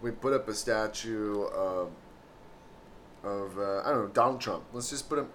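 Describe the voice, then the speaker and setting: A young man co-hosting a podcast, trading teasing, deadpan sarcastic jabs. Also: on the low side, normal speed, a little hiss or hum. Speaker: podcast co-host. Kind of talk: casual podcast banter.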